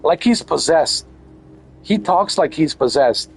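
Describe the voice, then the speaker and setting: Gravelly, crude gaming commentator man. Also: on the high side, lively intonation, a little slow, faint music behind. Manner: crude, mocking, repeats himself. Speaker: gaming channel host. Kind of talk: casual let's-play commentary.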